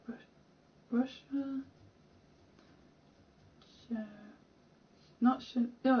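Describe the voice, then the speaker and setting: Young british girl rambling thru a game stream, highish voice, kinda muffled with a little hiss. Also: a little slow. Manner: rambling, chatty, self-deprecating. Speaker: gaming streamer. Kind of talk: casual game commentary.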